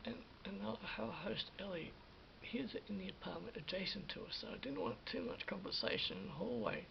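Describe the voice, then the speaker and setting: A man casually recounting a story for a vlog, animated, restarting his sentences and acting out what people said. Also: high-pitched, vocal fry. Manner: animated retelling with acted-out quotes and many restarts. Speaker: vlogger. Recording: dull lo-fi sound with faint hiss.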